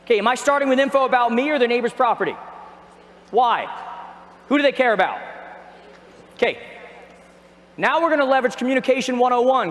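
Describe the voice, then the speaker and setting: Man, high voice, energetic seminar speaker, quizzes the crowd, big reverb arena. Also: a little fast, pauses often. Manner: energetic, asks the audience questions, jokey. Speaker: real estate trainer. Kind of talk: motivational seminar talk. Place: large arena. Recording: echoey arena with long reverb.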